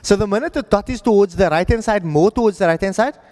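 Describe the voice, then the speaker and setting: Teacher, male, patient, keeps checking the class follows; high-pitched, room echo. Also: quick pace, a little mellow. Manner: patient, checks in with students often. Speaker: Arabic reading teacher. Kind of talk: classroom lesson.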